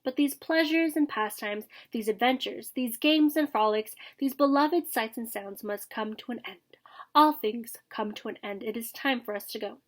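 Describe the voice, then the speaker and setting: Brief: woman voicing a formal, flowery father swan, fairly high and measured, storybook read-aloud. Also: natural voice. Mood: stately. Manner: slow, grand, flowery delivery. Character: stately old male trumpeter swan father, grand and formal.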